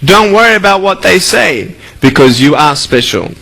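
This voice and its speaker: A man giving a motivational speech to a school audience, playful and energetic, asking the crowd questions. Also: high voice, moderate pace, creaky, a little hiss or hum, rough recording. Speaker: motivational speaker.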